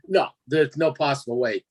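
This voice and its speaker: A man tells an eerie personal story in a casual interview, his voice rising and falling all over the place. The tone is a bit husky and rough. He laughs often and acts out his own reactions as he goes. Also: on the high side, expressive, a little slow, a bit bright. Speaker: guest storyteller.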